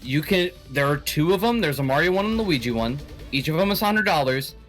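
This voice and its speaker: Matter-of-fact man, lively pitch. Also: a little fast, soft background music. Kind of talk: casual chat.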